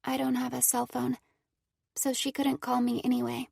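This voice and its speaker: A woman doing a quiet, guarded young girl. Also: sits high, completely flat delivery, moderate pace, vocal fry, dry recording, studio quality, pitched above the performer's own voice, exaggerated voice. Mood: subdued. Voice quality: slightly slurred speech. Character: hurt, withdrawn young girl recovering in hospital.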